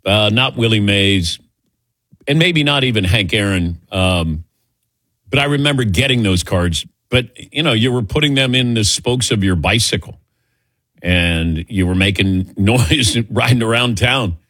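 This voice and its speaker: A man's voice: fairly low pitch, lively intonation, a little slow, a bit bright, no echo. A man in his sixties hosting a call-in sports radio show, chatty and laughing easily as he tells stories. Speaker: radio sports talk host.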